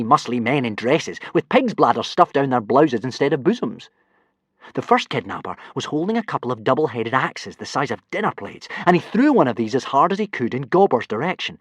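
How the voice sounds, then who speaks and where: A man narrating a children's adventure book with expressive delivery. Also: mid-range voice, husky, no room sound. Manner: animated, expressive. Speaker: audiobook narrator. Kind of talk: storybook narration.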